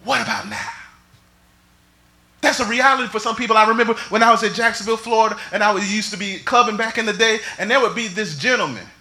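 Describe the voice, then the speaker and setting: A man preaching a sermon, swinging between shouts and near whispers. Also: high voice, fast. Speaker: pastor.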